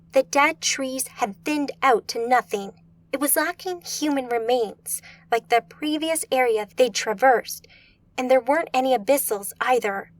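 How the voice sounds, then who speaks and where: A woman reads an urban fantasy audiobook with steady, measured pacing. Her voice sits somewhat high, recorded close and dry with no room sound. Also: no echo. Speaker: audiobook narrator. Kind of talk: scripted audiobook narration.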